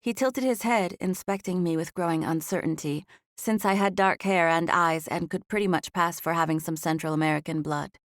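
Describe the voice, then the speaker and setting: A woman narrating a romance audiobook in the first person, with expressive storytelling. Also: lowish voice, normal speed, dry recording, clean studio sound.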